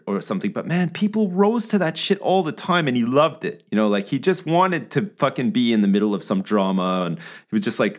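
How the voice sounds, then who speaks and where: A man telling a rambling, profane story to his co-host in casual banter. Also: on the low side.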